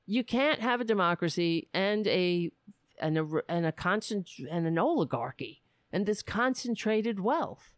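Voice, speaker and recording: A woman's voice: medium pitch, animated, measured pace, no room sound. A woman hosting a podcast, talking in a blunt, profane, rambling way in casual commentary. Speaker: podcast host. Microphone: webcam setup.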